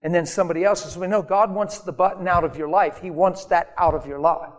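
A man preaching a sermon, telling a personal story with animated acted-out quotes. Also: high voice, fairly quick. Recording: long hall reverb.

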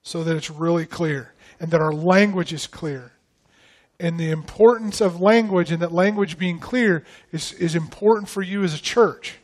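A man's voice: a little high, moderate pace. Man preaching a conversational sermon. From northern United States. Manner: conversational, asks the congregation questions. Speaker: guest pastor.

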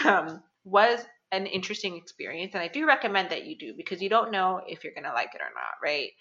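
A young woman co-hosting a podcast in casual chat, animated and laughing, with lots of fillers. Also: on the low side, brisk, lo-fi sound. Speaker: podcast co-host.

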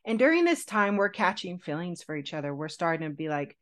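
A woman co-hosting a podcast, telling a personal story in an animated, chatty way with frequent laughter. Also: lowish voice, a little fast. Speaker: podcast co-host telling her proposal story. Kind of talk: casual storytelling chat.

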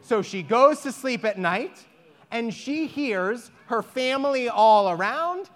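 A woman telling a folk tale to children, animated and inviting them to join in. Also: a little high, slow. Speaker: storyteller leading children. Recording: echoey hall.

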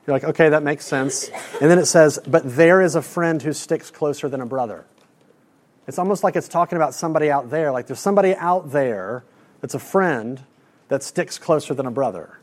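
A man delivers a sermon in an earnest, conversational way, his voice sitting a little high for a man. He repeats words as he builds toward a point, then drops soft and slow to let it land. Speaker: pastor.

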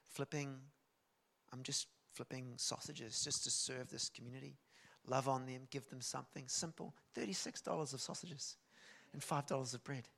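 A man, a guest preacher telling a story in a sermon, animated and swinging from soft to loud. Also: medium pitch, moderate pace, creaky.

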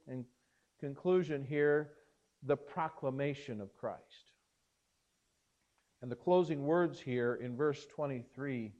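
A man preaching a sermon as pastor, earnest and emphatic, pausing and restarting as he speaks. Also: on the high side, darkish tone, dull audio.

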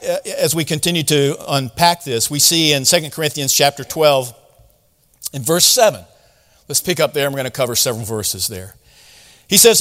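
A man's voice: fairly high pitch, a bit bright, big-room sound. A man preaching a sermon, teaching through a Bible passage in a conversational way and asking his listeners rhetorical questions. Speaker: pastor.

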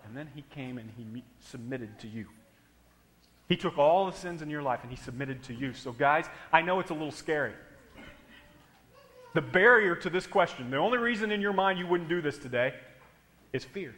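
A man's voice: fairly high pitch, animated, normal speed, pauses often, fairly bright tone, in a large hall. A man preaching a sermon in a church, emphatic and speaking straight to the congregation. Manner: emphatic, addresses the congregation directly. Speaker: pastor. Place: church hall.

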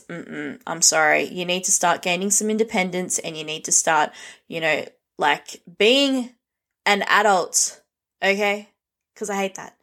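A woman's voice: lowish voice, fairly bright tone. A young woman vlogging, giving a blunt, frank rant full of swearing. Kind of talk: casual rant to camera.

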